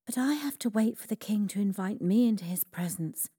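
A woman's voice: a little high, animated, normal speed, warm tone, pitched above the performer's own voice. A woman voicing a brave, earnest young queen in a storybook reading, speaking in a pleading tone.

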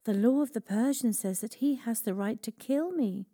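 A woman's voice: fairly high pitch, normal speed, dark tone, voice pushed up. A woman voicing a brave, earnest young queen in a storybook reading, speaking in a pleading tone.

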